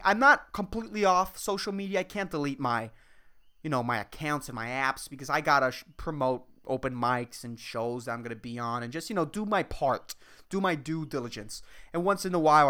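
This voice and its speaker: A man's voice: medium pitch, fairly quick, pushed and bright, clear, resonant tone. A young adult man hosting a casual solo podcast, ranting with lots of swearing and laughing at himself. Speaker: podcast host and comedian.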